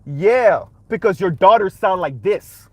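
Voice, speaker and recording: A man's voice: high-pitched, lively intonation, unhurried, a little mellow, no room sound. A man hosting a reaction commentary, talking emphatically and punctuating his points with rhetorical "right?"s. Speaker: commentary channel host.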